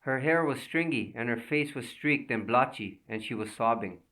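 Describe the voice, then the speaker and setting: A man narrating a thriller audiobook with a steady, measured delivery. His voice sits at an ordinary male pitch. He sounds a little distant from the microphone.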